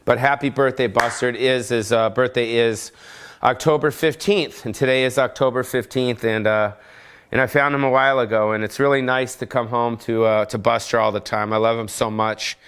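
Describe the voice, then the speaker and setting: A man's voice: medium pitch, fairly even intonation, normal speed, a bit bright, smooth. A man hosting his own podcast, rambling profanely and jokingly in an unplanned rant at home. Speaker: comedian podcast host. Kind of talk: casual unscripted rant.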